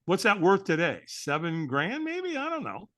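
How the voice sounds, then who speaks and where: Middle-aged man, high bright voice, animated storyteller, swooping pitch. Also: normal speed. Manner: animated storyteller who acts out the dialogue. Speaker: interview guest. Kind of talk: storytelling in a conversation.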